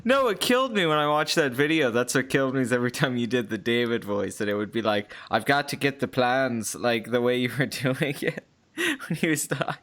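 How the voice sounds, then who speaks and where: A man hosting a casual chat, excitable, swearing freely and restarting his sentences. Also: mid-range voice, fairly quick. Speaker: podcast host.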